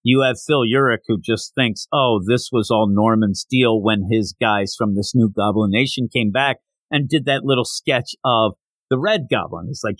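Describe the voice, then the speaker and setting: A man hosting a podcast, casually recapping a comic issue and jumping into quick, animated voices for the characters' lines. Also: medium pitch, dry recording. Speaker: podcast host.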